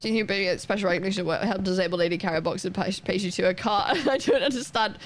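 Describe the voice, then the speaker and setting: A woman's voice: mid-range voice, quick pace, a little hiss or hum. A woman streamer chatting casually and rambling to her live chat while playing, laughing often and reading chat messages aloud.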